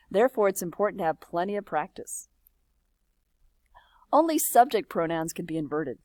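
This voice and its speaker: A woman teaching a recorded slideshow lesson, lively and sing-song when she models phrases, with quiet near-whispered asides. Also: on the low side, moderate pace, no echo. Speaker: French teacher.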